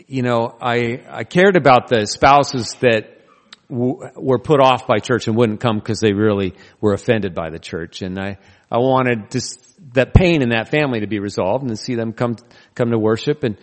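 A male pastor preaching a sermon, telling stories earnestly with touches of humor. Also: mid-range voice. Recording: long reverb of a large hall.

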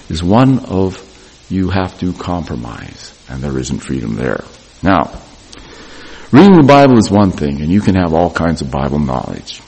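A man's voice: low voice, a little mellow, breathy edge, poor audio. A middle-aged man giving an earnest devotional address to young graduates, repeating phrases for emphasis.

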